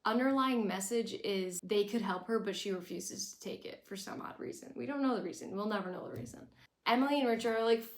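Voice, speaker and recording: Young woman vlogger, snarky and blunt, mid-pitched, recorded in an echoey room. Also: brisk. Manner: sarcastic, opinionated, blunt. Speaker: recap vlogger. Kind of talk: casual recap commentary.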